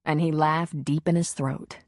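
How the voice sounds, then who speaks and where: A woman narrating a romance audiobook in a slow, measured, intimate reading. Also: low-pitched, fairly even intonation, no room sound, clean studio sound.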